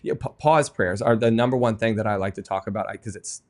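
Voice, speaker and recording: A man in his thirties with a fairly low voice talks through personal parenting stories. His delivery is earnest and animated, and he laughs at himself from time to time. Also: fast talker. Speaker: guest author. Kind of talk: conversational podcast interview.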